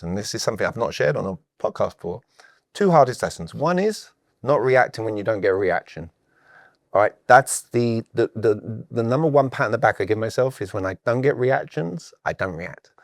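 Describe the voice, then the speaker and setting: A man's voice: on the low side, normal speed, gravelly, dry recording, clean studio sound. A middle-aged British man with a British accent, a sales coach who talks as a podcast guest and acts out the conversations he recalls. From Britain. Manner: animated storyteller who acts out quoted exchanges.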